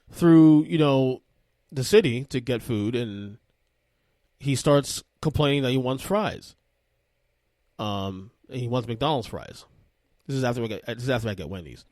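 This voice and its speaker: Male podcast host, thirties, casual and animated storyteller, dry recording. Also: mid-range voice, measured pace, long pauses, dry recording. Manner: rambling, animated, with frequent restarts.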